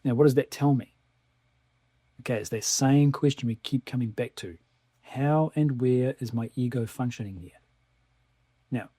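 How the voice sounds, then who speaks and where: A man giving a calm, reflective talk as a spiritual teacher, often posing questions and then answering them himself. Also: medium pitch, dry recording, clean studio sound. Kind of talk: lecture on spiritual psychology.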